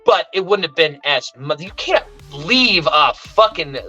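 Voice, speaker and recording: A man's voice: fairly high pitch, a little slow. A man co-hosting a casual movie review podcast, ranting heatedly with plenty of swearing. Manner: heated, profane ranting with animated outbursts. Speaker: podcast co-host. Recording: slightly dull lo-fi audio with faint music.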